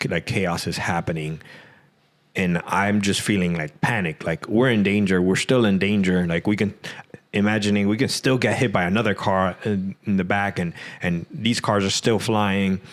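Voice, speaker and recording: Male podcast guest, low voice, loose rambling storyteller, lots of fillers. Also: fairly even intonation, normal speed. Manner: rambling, many "like" fillers, acts out quotes. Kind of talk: casual storytelling.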